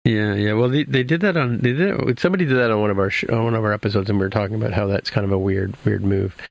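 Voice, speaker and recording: Low gravelly man recapping an episode. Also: fast, no echo, dull audio. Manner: rambling, many fillers and restarts. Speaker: podcast host.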